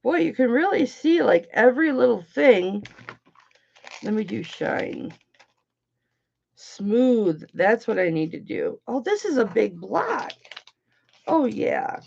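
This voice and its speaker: A woman's voice: a little high, very animated, slow pace, gravelly, pauses often, darkish tone, husky, highs cut off. A woman hosting an online jewelry auction, chatting casually and cracking bawdy jokes while she works. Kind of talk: casual livestream selling chat.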